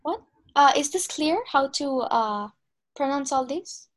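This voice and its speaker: A woman teaching an online language class, slowly drilling syllables and calling on students over a video call. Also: high voice, expressive. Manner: patient, slow, drills sounds syllable by syllable.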